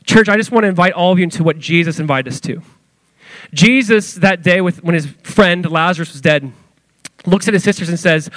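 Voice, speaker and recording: A male pastor preaching an animated sermon to his church, acting out quoted voices as he goes. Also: sits high, fairly quick, no room sound.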